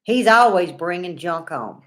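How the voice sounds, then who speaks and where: A woman's voice: fairly low pitch, animated, a little slow, a bit bright. A woman, in her forties, hosting a casual livestream, chatting folksy and greeting viewers by name while reading comments. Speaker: livestream host.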